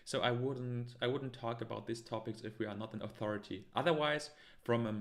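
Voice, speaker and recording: A live stream host reads and answers chat comments, arguing heatedly with many fillers and restarts. His medium-pitched voice is steady, fairly quick, and fairly bright in tone.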